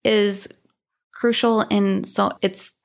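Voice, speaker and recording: Gravelly-voiced woman coaching casually. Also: medium pitch, flat delivery, slow pace. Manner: coaching, explains with examples. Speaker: podcast co-host. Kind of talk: casual self-help chat.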